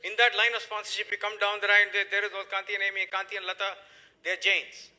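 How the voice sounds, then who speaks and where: Emphatic, bright-voiced man. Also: high-pitched, little pitch movement, quick pace, rough recording. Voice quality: emphatic, preachy, swings between loud and hushed. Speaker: motivational speaker. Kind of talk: motivational business talk.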